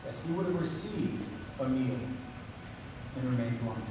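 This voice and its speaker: A man preaching a sermon, telling a story and voicing quoted lines with a higher pitch. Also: animated, unhurried. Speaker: pastor. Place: church sanctuary. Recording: echoey hall from far off with noise.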